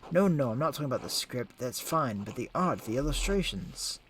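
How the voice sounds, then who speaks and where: A man's voice: mid-range voice, sing-song, fairly quick, a bit bright, a little hiss or hum. A man voicing a proud noble baron who is displeased with commissioned work in a video game. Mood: demanding. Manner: demanding.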